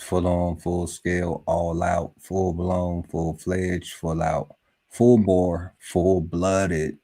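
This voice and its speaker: This is a man with a very low voice who takes his time, unhurried and drawn out. He reads a list of words aloud on a relaxed podcast panel. He stops to muse over them and laughs along the way. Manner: slow, musing list-reading broken by laughter and asides. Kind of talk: casual podcast chat, reading word lists aloud.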